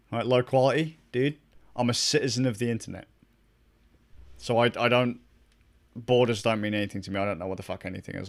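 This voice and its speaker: A young man chatting casually with his stream viewers, rambling, swearing a lot and laughing often. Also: fairly low pitch. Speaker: gaming streamer.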